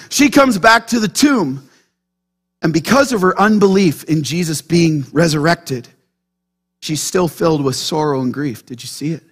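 A male pastor delivering a sermon with a notably high voice for a man. He talks animatedly and keeps drawing the congregation in with quick questions. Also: fairly bright tone.

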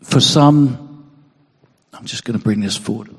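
A man's voice: mid-range voice, unhurried, husky. An earnest male preacher delivering a Sunday sermon, his voice moved and emotional. He often repeats a word or two as he presses a point home. The sound carries a long reverb from a big church hall. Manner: earnest, repeats words when emphasising.

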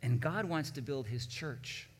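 A man preaching a sermon as pastor, building from quiet reflection to emphatic, rising peaks. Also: a little high, lively intonation, unhurried, breathy edge, in a large hall.

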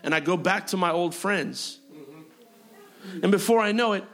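A male pastor with a high, bright, ringing voice preaches to his congregation. He leans on repetition, stacking phrase after phrase and punctuating them with amens and hallelujahs. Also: normal speed. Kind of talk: sermon. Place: church sanctuary.

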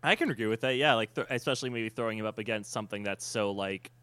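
A man co-hosting a casual podcast, his voice bright and forward. He talks in quick, opinionated bursts and laughs often. The sound is dry and close, with no room around it. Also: fairly low pitch, clear, resonant tone, no echo. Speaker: podcast co-host. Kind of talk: casual chat.

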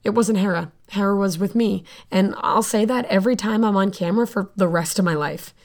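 A woman's voice: medium pitch, a little fast, darkish tone. A woman narrating an audio drama in the first person, sardonic and blunt, swearing freely. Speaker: narrator and lead character.

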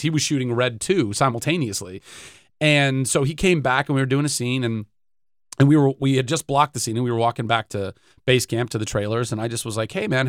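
A man from Southern California talking as an interview guest in a radio studio, telling stories in an animated, excitable way with sudden jumps in pitch. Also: dry recording. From Southern California, USA. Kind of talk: casual interview chat.

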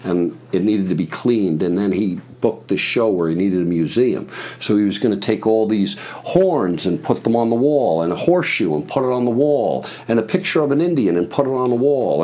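Deep-voiced man telling a profane, rambling story. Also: lively intonation, moderate pace, mellow, muffled recording. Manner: profane, meandering, acts out other people's voices. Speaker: guest storyteller. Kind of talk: rambling anecdote in conversation.

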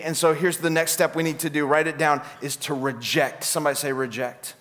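A man preaching a sermon as pastor, animated and acting out the voices he quotes. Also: a little high, a little fast, few pauses.

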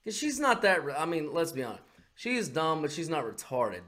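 A man's voice: on the high side, sing-song, fairly quick, a crowd in the background. A man co-hosting a casual podcast chat, blunt and mocking, swearing freely, on a podcast microphone. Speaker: podcast co-host.

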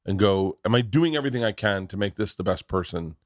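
A middle-aged man hosting a podcast, telling stories in casual chat with a lot of swearing and animated delivery. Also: fairly low pitch, fast, no room sound, studio quality. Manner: profane, animated storyteller. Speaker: podcast host.

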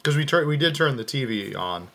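A man's voice: medium pitch, animated, fairly quick, creaky, pushed and bright. A man co-hosting a podcast, playing a text adventure and reading its game text aloud with amused asides. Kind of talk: casual play-through with read-aloud game text.

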